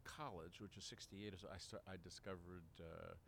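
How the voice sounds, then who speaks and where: A man's voice: low voice, steady tone, brisk, gravelly, fairly bright tone, a little hiss or hum. A man in his seventies from Baltimore, talking through memories at length in an interview, rambling with many fillers and restarts. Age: 70s. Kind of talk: relaxed reminiscing interview.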